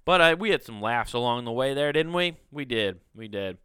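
Profane ranting podcast man, bright crisp voice. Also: mid-range voice, animated, moderate pace, no room sound, studio quality. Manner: profane, exasperated rant. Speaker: podcast host. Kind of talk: casual solo storytelling.

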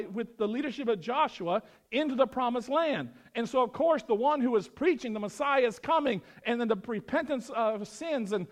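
Middle-aged male pastor, high voice, teaching a verse-by-verse sermon; animated, with loud stresses and hushed asides. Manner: animated, swings from loud emphasis to quiet asides.

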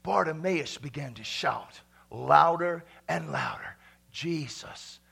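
A man preaching a sermon, swinging from loud shouts to hushed whispers and calling on the congregation to repeat after him. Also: high voice, sing-song, normal speed, husky.

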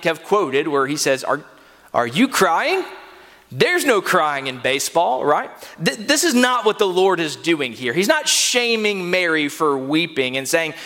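A man preaching a sermon as pastor, earnest, his voice climbing when he presses a point. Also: a bit bright. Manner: earnest preaching, pitch rising with emphasis. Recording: long hall reverb.

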